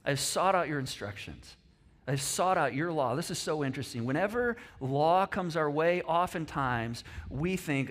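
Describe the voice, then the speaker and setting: Male pastor, middle-aged, American, sermon delivery, conversational with rhetorical questions, slightly higher voice. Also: lively intonation, normal speed. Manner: conversational, earnest, with frequent restarts and rhetorical questions.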